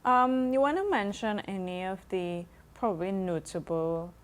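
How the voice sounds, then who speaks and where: A woman's voice: medium pitch, normal speed. A woman interviewing a guest, encouraging and affirming, asking long questions with many small agreements along the way. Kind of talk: conversational interview.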